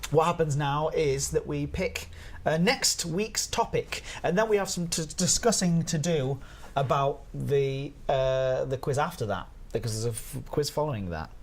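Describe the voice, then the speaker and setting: A man hosting a live stream in casual chat, animated and self-deprecating, with loud bursts of exclamation. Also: a little high, normal speed. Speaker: stream host.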